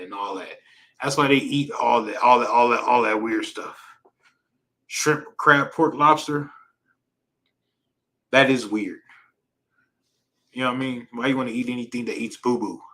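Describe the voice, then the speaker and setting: A man's voice: medium pitch, bright, forceful tone, low-quality recording. A man teaching an informal Bible class in a casual, slangy way, often repeating himself and asking "right?" for agreement. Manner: repetitive, emphatic, slangy, asks "right?" often.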